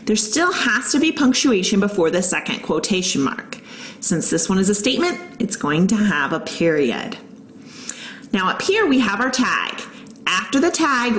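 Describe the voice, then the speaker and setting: A woman's voice: mid-range voice, echoey room, slight background noise, rough recording. A woman teacher patiently walking young students through a writing lesson, explaining each step and reading example sentences aloud. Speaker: elementary school teacher. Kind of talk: recorded online lesson.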